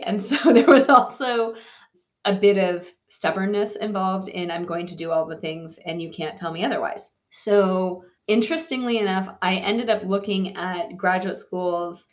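A middle-aged woman from the San Francisco Bay Area, guesting on a podcast, tells her story candidly and wryly in casual interview style, laughing often. Her voice has a medium pitch, and the audio sounds dull.

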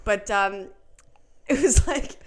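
A woman's voice: medium pitch, takes it slowly. A young woman, a podcast co-host and mother, telling a story in casual chat, swearing and laughing with lots of fillers.

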